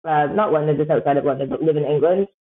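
A woman's voice: low voice, fast talker. Canadian woman chatting over a tinny line. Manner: rambling, laughs often, many fillers. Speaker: podcast guest. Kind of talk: casual chat.

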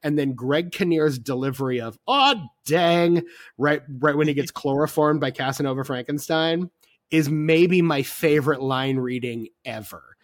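A male podcast co-host in a casual film chat, with a voice of ordinary middle pitch. He rambles eagerly, piles on fillers and loses his thread. His talk is loose and sprinkled with swearing. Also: moderate pace, few pauses, no room sound, clean studio sound. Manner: enthusiastic, rambling, heavy on "like", swears freely.

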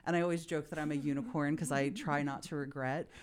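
A woman's voice: low voice, steady tone, fast talker. A woman in her forties, a podcast guest, telling personal childhood stories in a heartfelt, reflective way. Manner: heartfelt, reflective, openly emotional at times. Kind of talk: candid interview storytelling.

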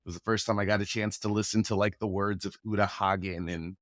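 A man from the Pacific Northwest, a guest telling stories in a relaxed, casual way, often chuckling. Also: on the low side, fast, dry recording, studio quality. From Pacific Northwest, USA. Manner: relaxed, chuckles often, acts out quoted voices. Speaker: guest, rapper and actor. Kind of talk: casual conversational storytelling.

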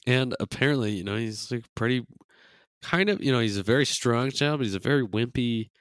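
A man's voice: mid-range voice, a little fast, no echo. A young man co-hosting a podcast in casual chat, laid-back, laughing often and swearing casually. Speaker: podcast co-host.

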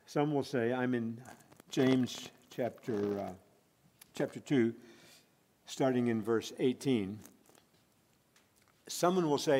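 A man preaching a sermon as pastor, swelling loud and dropping soft as he tells a Bible story. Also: mid-range voice, slow, pauses often, in a large hall.

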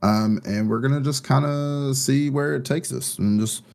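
A man's voice: mid-range voice, moderate pace, vocal fry, darkish tone. A man co-hosting a podcast in casual chat, talking in a loose, rambling way full of fillers, anxious about his first baby. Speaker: podcast co-host.

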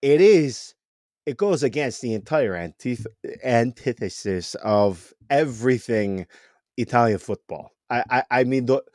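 Animated man on a dry close mic. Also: medium pitch, no echo. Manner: animated, quick restarts and repeated words. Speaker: football podcast host. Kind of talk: casual podcast chat. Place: home room with TV on.

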